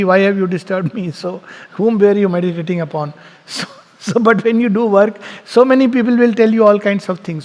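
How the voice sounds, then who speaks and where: A man's voice: high-pitched, a little mellow. A man giving a spiritual lecture, telling stories, asking rhetorical questions and laughing often. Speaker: spiritual teacher. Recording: long reverb in a hall.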